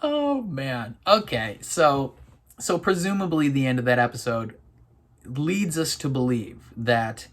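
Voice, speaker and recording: A man talking through his thoughts at a slow, unhurried pace. His casual commentary is loose and rambling, full of little laughs, fillers and restarts. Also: medium pitch, sing-song. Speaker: reaction video host.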